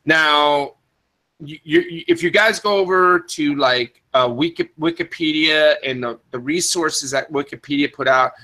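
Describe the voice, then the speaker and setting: A man's voice: on the high side, big pitch swings, measured pace, bright, forceful tone, poor audio. A man hosting a podcast in casual talk, rambling with many restarts and fillers, and stopping to answer the live chat. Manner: answers live chat, spells words in the phonetic alphabet. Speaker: podcast host.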